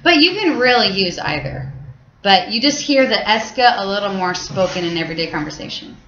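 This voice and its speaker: A French teacher explains grammar to her high school class in a chatty way, with lots of fillers and restarts. Her medium-pitched voice is sing-song, fairly quick and fairly bright. The echoey classroom recording sounds dull, with a little hiss or hum.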